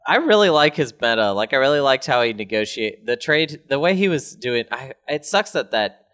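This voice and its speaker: A man's voice: mid-range voice, sing-song, moderate pace, fairly bright tone. A tired man co-hosting a podcast, chatting in a playful, rambling way. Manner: playful, rambling, lots of "like" fillers. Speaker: podcast co-host. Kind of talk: casual chat.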